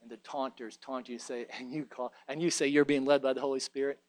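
A man's voice: medium pitch, fairly even intonation, fast talker, darkish tone, no room sound. A man preaching a sermon in a folksy way, mixing joking asides with fervent, emphatic exhortation.

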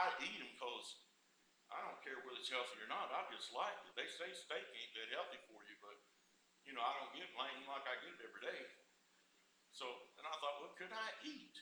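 A man preaching a sermon, moving from quiet musing to loud, fervent preaching. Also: medium pitch, echoey room, a little hiss or hum.

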